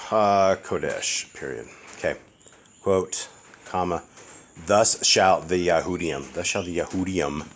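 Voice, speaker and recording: Deep male voice for a slow, deliberate proofreading read-through, punctuation spoken aloud, faint background noise. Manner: slow, deliberate read-aloud with spelled-out words and quick asides. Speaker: scripture proofreader. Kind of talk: dictating a text aloud, line by line. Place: house with barking dogs nearby.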